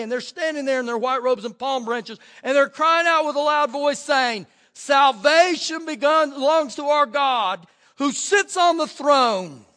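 A man pastor preaching a fervent sermon, swinging from shouts to hushed asides. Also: very high voice. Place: church sanctuary.

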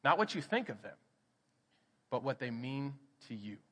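Male pastor, texan accent, bright forceful voice, animated storytelling, reverberant church hall. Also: medium pitch, moderate pace, husky. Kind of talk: sermon with storytelling. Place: church sanctuary.

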